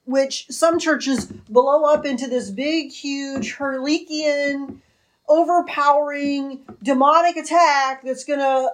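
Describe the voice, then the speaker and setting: Woman, high-pitched, earnest, casual faith discussion, slows to stress points. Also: fairly even intonation.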